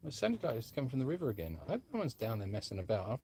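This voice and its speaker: A man's voice: mid-range voice, sing-song, rapid-fire, warm tone, slight background noise. A man co-hosting a casual live chat, musing aloud and rambling. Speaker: sanctuary co-host.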